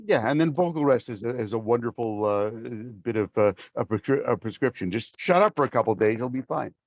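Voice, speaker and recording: A man's voice: mid-range voice, brisk, no echo. Middle-aged voice actor guy chatting, acts out the voices in his stories, dry dull sound. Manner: animated storyteller acting out quoted voices. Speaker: voice actor guest. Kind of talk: casual interview storytelling.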